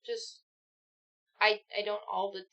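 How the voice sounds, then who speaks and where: A woman's voice: medium pitch, little pitch movement, measured pace, a bit bright. A young woman co-hosting a live stream, talking casually with a slight lisp from new braces. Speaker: livestream co-host.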